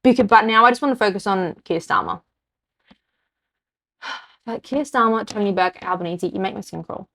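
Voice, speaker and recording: A woman's voice: medium pitch, moderate pace, long pauses, a bit bright. An Australian woman, a podcast host, delivering an angry, blunt political rant to camera. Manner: heated, exasperated, speaks her mind bluntly.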